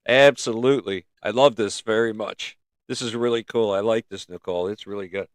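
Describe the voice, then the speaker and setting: A man's voice: fairly low pitch, normal speed, no echo, studio quality. A middle-aged man hosting a livestream in a casual, rambling way, his throat giving out as he talks. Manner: rambling, musing, with many restarts. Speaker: livestream host. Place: in northern North America. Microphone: close mic.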